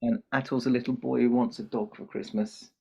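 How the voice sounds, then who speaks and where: Here the older man who works as Santa narrates a children's tale in conversation on a podcast, performing each character. His tone is steady and his pace a little fast, with a medium-pitched, gravelly, slightly mellow voice carrying a breathy edge, all heard through muffled lo-fi audio.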